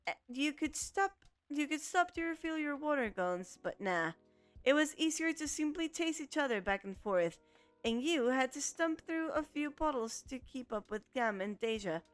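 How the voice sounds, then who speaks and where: A woman's voice: sits high, expressive, moderate pace, dry recording, soft background music. A woman streaming a visual novel, reading its narration aloud and often stumbling and restarting over the words. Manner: reads with frequent stumbles and restarts. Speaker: let's play streamer.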